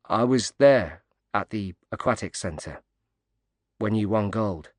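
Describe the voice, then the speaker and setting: A man voicing a grateful, quietly emotional widowed father who speaks softly and hesitantly in an audiobook reading. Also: fairly low pitch, expressive, slow pace, dry recording, clean studio sound. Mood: tender. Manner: soft-spoken, hesitant.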